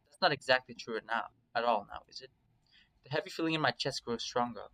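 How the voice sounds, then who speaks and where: A man in a mid-pitched voice reads a visual novel aloud in first person. He keeps it casual, swears freely and stops to chat about his choices. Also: brisk, pushed and bright, poor audio. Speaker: story reader.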